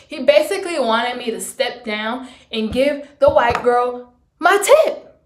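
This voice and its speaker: A young woman with a low, laid-back voice, telling a blunt, slangy, swearing story about quitting her job in a casual vlog. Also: animated, slow. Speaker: vlogger. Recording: roomy echo.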